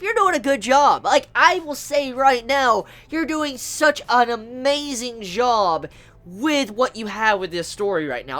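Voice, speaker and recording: A woman reviewing an animated series episode, gushing with excitement and swearing freely as she talks. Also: fairly high pitch. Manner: gushing, profane, emphatic.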